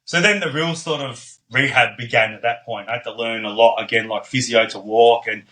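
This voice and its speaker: A man's voice: medium pitch, steady tone, a little fast, pushed and bright, poor audio. A young man telling his story as a podcast guest in a casual, blunt way, swearing freely and dropping plenty of ums and likes.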